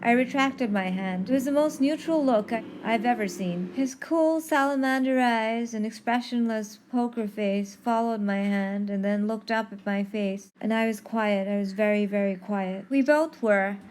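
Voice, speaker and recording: Woman storytelling on a podcast, kinda high voice, dramatic reading, faint hiss. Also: darkish tone. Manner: dramatic, playful reading with pauses. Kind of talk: expressive storytelling narration. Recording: faint background noise.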